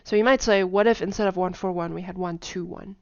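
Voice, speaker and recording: A woman casually explaining tone patterns in a lesson, talking in a chatty way with lots of fillers and humming or singing syllables to show pitch. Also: fairly even intonation, fairly quick, no room sound, highs cut off. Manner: chatty, many fillers, hums and sings tone patterns. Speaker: language teacher.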